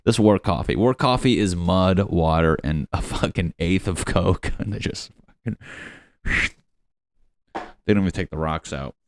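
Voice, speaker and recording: A man's voice: low voice, a little slow, pauses often, no room sound, clean studio sound. A man hosting his own show, ranting in a rambling, profane, mocking way on his lunch break. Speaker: podcast host. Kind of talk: casual comedic rant.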